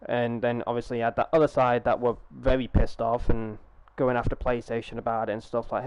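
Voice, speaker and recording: A man's voice: mid-range voice, flat delivery, fairly quick, few pauses, darkish tone, smooth. A young man chatting casually on a live gaming stream through a headset, rambling, swearing freely and restarting his sentences.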